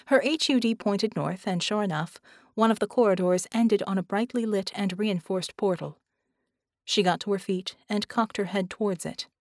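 A woman reading an audiobook in a measured, steady storytelling voice. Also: medium pitch, dry recording, clean studio sound. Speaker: audiobook narrator. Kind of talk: scripted audiobook narration.

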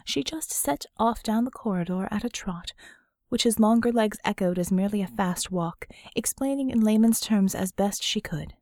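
A woman narrating a novel as an audiobook in a steady, measured storytelling voice. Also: medium pitch, dry recording, clean studio sound. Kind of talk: scripted narration.

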